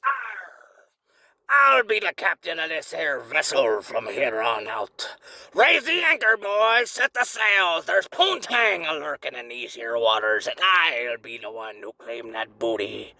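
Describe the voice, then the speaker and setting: A man's voice: on the high side, very animated, measured pace, sharp tone, full character voice. A man doing a blustering pirate captain. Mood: swaggering. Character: swaggering male pirate captain, a talking body part.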